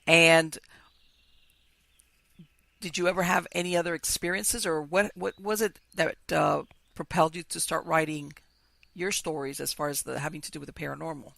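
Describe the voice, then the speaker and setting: A woman's voice: sits low, steady tone, normal speed, creaky, a bit bright, dry recording. A woman hosting a podcast, asking her guest rambling, searching questions. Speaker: podcast host. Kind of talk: interview questions.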